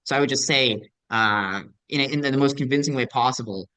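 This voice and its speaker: A man's voice: medium pitch, a little fast, pushed and bright, clean tone, no room sound, low-quality recording. Casual young man coaching debate. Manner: casual and conversational, many ums and likes; patient and encouraging. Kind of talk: recorded lecture with audience questions.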